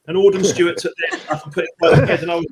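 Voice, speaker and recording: A man hosting a live book club, telling an excitable, rambling anecdote with many restarts. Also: high-pitched, racing, a little hiss or hum. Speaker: book club host and author. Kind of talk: animated storytelling on a live stream.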